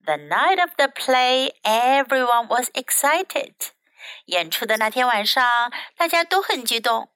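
Woman teacher, high and bright, slow expressive storybook read-aloud for kids; dry close mic. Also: clear, resonant tone, no room sound. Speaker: English teacher reading aloud. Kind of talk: bilingual storybook reading for children.

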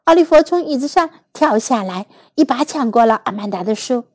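A woman reading a children's picture book aloud slowly and clearly, in two languages. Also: on the high side, dry recording. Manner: slow, clear, expressive reading. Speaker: storyteller. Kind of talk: bilingual storybook read-aloud for children.

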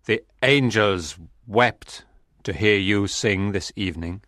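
A hidden, possessive man, as a narrator puts him on speaking low and intimate. His words come slowly and deliberately, close and dry. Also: fairly bright tone, no echo. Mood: tender. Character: mysterious unseen man, possessive and tender. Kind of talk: audiobook reading of a graded reader.

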